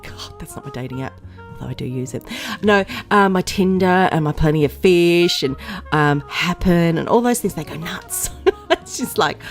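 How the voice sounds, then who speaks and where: A woman with a notably low, deep speaking voice chats to her viewers in a loose, rambling way, full of ums and little laughs. Soft music plays faintly behind her. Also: normal speed. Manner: rambling, chatty, many fillers and giggles. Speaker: vlog host. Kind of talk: casual chat to camera.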